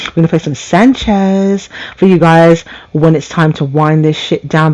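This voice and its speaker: A woman's voice: fairly low pitch, darkish tone, rough recording. A woman hosting a late-night call-in radio show, telling a story with candid, profane humor and frequent laughter.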